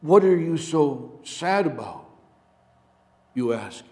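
Slow-spoken pastor in a reverberant church. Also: male voice, on the high side, very animated, a little mellow. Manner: slow, measured storytelling delivery. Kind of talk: sermon. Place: church sanctuary.

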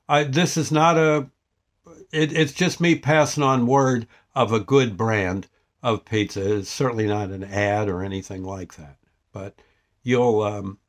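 An older man chats casually about a frozen pizza, his voice sitting at an ordinary middle pitch. He rambles in a folksy, down-home way, stopping and restarting his sentences often. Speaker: vlogger. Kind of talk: casual product review.

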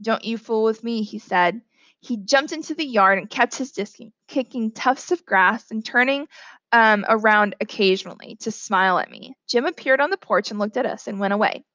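A woman reading a novel aloud in a plain, steady storytelling manner. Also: fairly high pitch, normal speed, no room sound. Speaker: reader.

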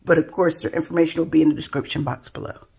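A woman with a husky, slightly gravelly voice talks softly to her viewers as she unboxes handmade craft pieces. She gushes over every detail in a relaxed, casual way, her words trailing off into quiet admiration. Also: low voice, quick pace. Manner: soft-spoken, gushing, admiring. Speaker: craft channel host.

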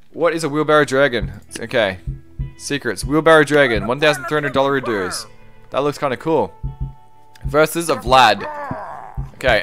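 A young man streaming a game, chatting casually, reading viewer comments aloud and breaking into excited exclamations. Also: mid-range voice. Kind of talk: live-stream gameplay commentary.

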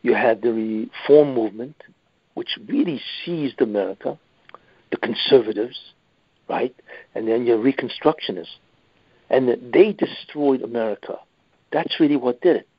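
Husky man lecturing, "you see". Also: medium pitch, unhurried, no room sound. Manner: repeats "you see" often, emphatic. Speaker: rabbi giving a weekly class. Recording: dull lo-fi dry recording.

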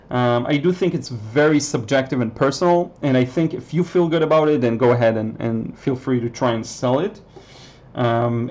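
Relaxed man on a dull stream. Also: medium pitch. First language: Hebrew. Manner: relaxed, answers chat questions with many ums and uhs. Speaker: watercolor artist hosting a livestream. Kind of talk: casual live chat while painting.

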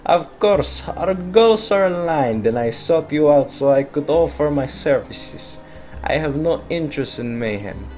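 A man's voice: on the high side, lively intonation, measured pace, a little mellow, faint music behind, voice pushed up. A man voicing a polite, scheming male crime boss in an overdone put-on Italian accent while reading game dialogue aloud. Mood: suave.

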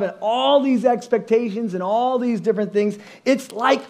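A middle-aged man, a pastor telling stories in a sermon, animated and self-mocking, acting out voices and sounds. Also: extremely high pitch, normal speed, few pauses. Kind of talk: storytelling sermon. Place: church stage.

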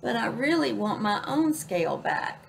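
A woman voicing a young, shy male fish who sounds hopeful and a little higher than her own voice. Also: very animated, moderate pace, gravelly, slight background noise.

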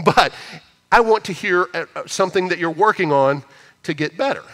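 A man preaching a sermon as a pastor, talking in a conversational way and reading scripture with emphatic swings between loud and soft. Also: high voice, normal speed, big-room sound. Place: church auditorium.

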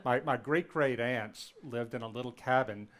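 A man's voice: mid-range voice, moderate pace. Storytelling Southern-raised man lecturing. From Louisiana, US South. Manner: anecdotal, animated when quoting, frequent ums and restarts.

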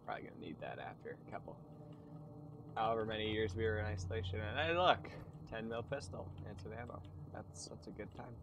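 A man's voice: fairly low pitch, animated, fairly quick. Man with crude, sarcastic game commentary. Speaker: gaming channel host. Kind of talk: casual let's-play commentary. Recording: noisy background.

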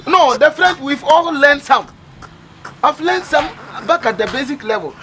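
A man's voice: extremely high pitch, animated, normal speed, a crowd in the background. A man with a Ghanaian accent playing an exasperated school proprietor who scolds his new teacher in disbelief. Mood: scolding. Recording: noisy recording.

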